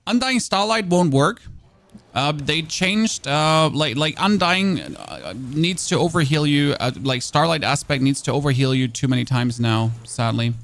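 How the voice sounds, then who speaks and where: A man's voice: fairly high pitch, a little slow, creaky, fairly bright tone. A German man with a German accent, a streamer giving casual gameplay commentary and answering chat in a chatty, self-mocking way with many fillers.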